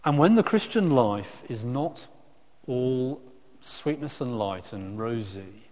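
Conversational preacher in an echoing hall. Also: male voice, fairly high pitch. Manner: conversational, self-correcting, lively asides. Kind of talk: sermon. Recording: echoey hall reverb.

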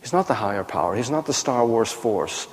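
A pastor teaches in a relaxed, conversational way, full of ums and restarts. His voice sits at a mid pitch. Long reverb from a large hall trails each phrase. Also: brisk. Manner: conversational, frequent fillers and self-corrections. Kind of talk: teaching sermon.

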